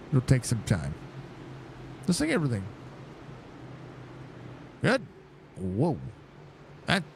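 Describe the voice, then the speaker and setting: Man, young adult, laid-back live race caller and chat host, middle pitch, slight hiss behind. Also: creaky. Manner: chatty, greets viewers by name between race calls; excited outbursts at crashes. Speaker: sim racing league commentator and streamer. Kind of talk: casual live-stream race commentary.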